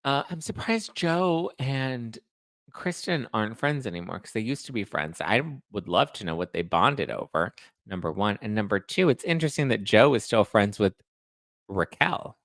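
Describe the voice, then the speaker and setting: A man's voice: fairly low pitch, animated, normal speed, fairly bright tone, dry recording. A man hosting a podcast, chatting casually and with sass while recapping reality TV. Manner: chatty and sassy, acts out quotes. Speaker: podcast host.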